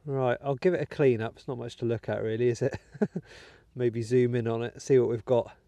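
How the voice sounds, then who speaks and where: Out in a rainy, wet field, a British metal detecting host from the United Kingdom walks viewers through his dig, chatty and easygoing with little muttered asides. His mellow, relaxed voice is medium-pitched at normal speed. The sound is close and dry, with no room sound.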